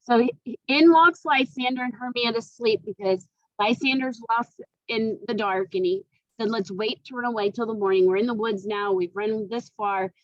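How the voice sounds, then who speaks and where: A woman teacher takes turns reading a play aloud to students, then retells each part in plain, everyday language. Her fairly high voice moves at a moderate pace, and the audio is dull with no room sound.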